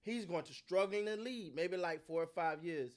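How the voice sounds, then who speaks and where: A high-pitched man, talking a little fast, hosts his own sports channel and chats with viewers informally. Animated and slangy, he repeats himself while giving loose opinions directly to the audience.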